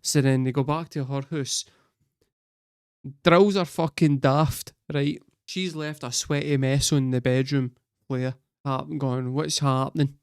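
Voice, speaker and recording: A man's voice: medium pitch, fairly even intonation, slow pace, clear, resonant tone, no echo, studio quality. A Scottish man hosting a music reaction, joking crudely and swearing as he comments. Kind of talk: casual commentary.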